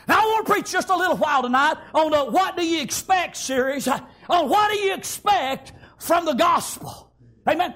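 High-pitched fervent shouting preacher. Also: male voice, normal speed. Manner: fervent, shouting with frequent "amen" and "praise God". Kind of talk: revival sermon.

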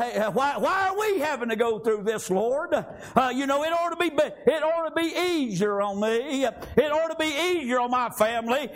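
A man preaching a sermon, shouting out emphatic lines and punctuating them with frequent amens. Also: extremely high pitch.

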